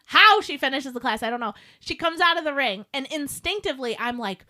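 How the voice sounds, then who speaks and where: Casual podcast co-host: woman, high bright voice, lively storyteller who acts out quotes. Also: brisk. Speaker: podcast co-host, riding instructor.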